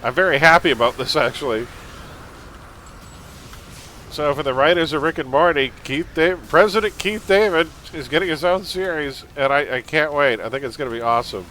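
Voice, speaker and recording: A man's voice: fairly high pitch, moderate pace, pushed and bright, slight background noise. A man from Canada with a mild Canadian accent, chatting casually as he streams a game and reads its text aloud. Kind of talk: casual live-stream commentary.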